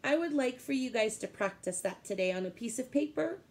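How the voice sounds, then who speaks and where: A woman's voice: high voice, lively intonation, brisk. A woman preschool teacher giving a remote lesson to young children, talking in a sing-song way and asking them questions.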